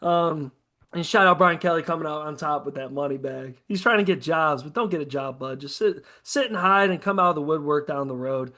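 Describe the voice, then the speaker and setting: Animated, high-voiced man ranting about sports. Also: brisk. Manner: profane, animated ranting with mocking quoted asides. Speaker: podcast co-host. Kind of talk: casual sports chat.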